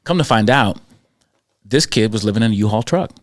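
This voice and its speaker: A man with a fairly low voice tells school stories on a podcast, animated and conversational. He slips in and out of quoted voices as he goes. The sound is dry and close, with little room around him. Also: fairly quick, dry recording. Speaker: podcast host and school character-education speaker. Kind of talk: conversational storytelling.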